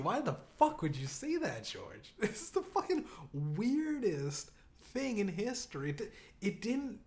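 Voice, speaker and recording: A man hosting a podcast, telling a story in a loose, profane way, laughing often and acting out what his friends said. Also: sits high. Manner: profane, laughing, animated storytelling with acted-out quotes. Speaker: podcast host. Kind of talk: casual storytelling.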